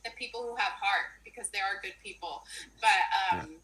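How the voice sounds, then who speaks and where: Chatty, emotional woman in her forties from Puerto Rico; bright tone, video-call chat. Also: mid-range voice, a little fast, rough recording. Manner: warm, emotional, chatty with frequent restarts. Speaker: finance professional and money coach.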